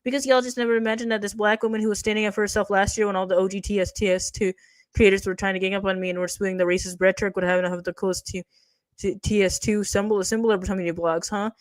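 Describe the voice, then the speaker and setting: A woman's voice: medium pitch, level tone, rapid-fire, no echo. A woman streamer giving a profane, mocking commentary, reading out posts and picking them apart. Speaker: streamer commenting on online drama. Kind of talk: ranting commentary.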